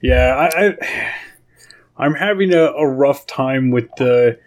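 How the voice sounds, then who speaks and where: Male podcast co-host, average pitch, blunt and profane. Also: slow. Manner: blunt, swears freely, ranting. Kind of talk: casual chat.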